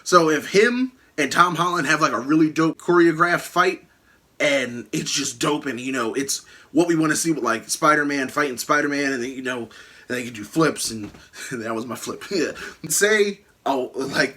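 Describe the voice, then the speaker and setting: A young man hosting a casual video, animatedly spinning out a movie idea and acting out the scenes. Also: fairly high pitch. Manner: animated storytelling, acts out scenes. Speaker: YouTube host. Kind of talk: casual movie-fan chat.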